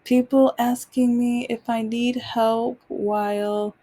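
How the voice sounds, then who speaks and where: Woman podcast host, warm low-key tone, rambling casual storytelling, acts out other people's lines. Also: little pitch movement, slow pace. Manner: rambling, with many fillers and restarts.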